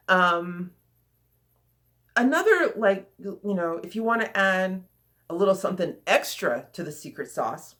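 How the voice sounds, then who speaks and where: A woman coach giving a casual, chatty teaching talk, lively and repeating phrases for emphasis. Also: mid-range voice.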